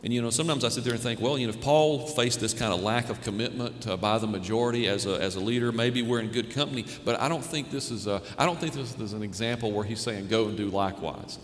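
A pastor delivers his sermon at an ordinary pitch, earnest and searching, and he often restarts his phrases mid-thought. His voice carries a long reverb through a roomy sanctuary. A faint low rumble runs underneath. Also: fast, hardly any pauses. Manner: earnest preaching with frequent restarts and rhetorical questions. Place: church sanctuary. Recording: echoey hall with faint noise.

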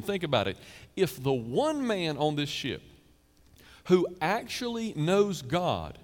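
Man preaching in a reverberant hall. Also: medium pitch. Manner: dynamic preaching, swings from loud to quiet. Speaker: pastor. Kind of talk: sermon.

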